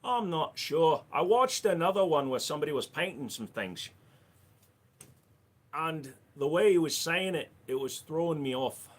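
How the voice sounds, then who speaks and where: A man's voice: on the high side, lively intonation, normal speed. Joking male livestream host. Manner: crude, joking, reads out chat messages. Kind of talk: casual livestream chat.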